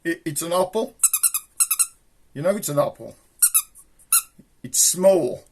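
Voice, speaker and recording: A man's voice: a little high, animated, slow pace, noisy background. A man with a Black Country accent hosting a puppet show, chatting in broad, cheeky, rambling banter. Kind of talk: comic chat with a puppet.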